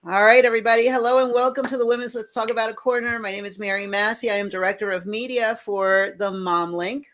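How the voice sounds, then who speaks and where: A woman co-hosting a casual panel talk, brisk and welcoming as she opens the show. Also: fairly high pitch, fairly even intonation, a bit bright. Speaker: media director and co-host.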